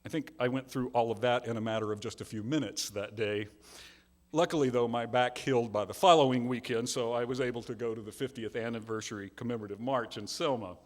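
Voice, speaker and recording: A man's voice: mid-range voice, fairly even intonation, quick pace. A male minister giving a sermon, telling a story with earnest, self-deprecating humor. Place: large church sanctuary. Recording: long hall reverb.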